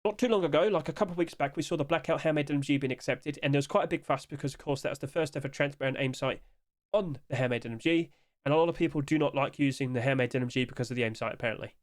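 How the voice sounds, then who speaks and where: A man's voice: medium pitch, very fast. A young man chatting casually through a screen-share review, tired and yawning, asking rhetorical questions and talking to the items on screen. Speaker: game skin market commentator.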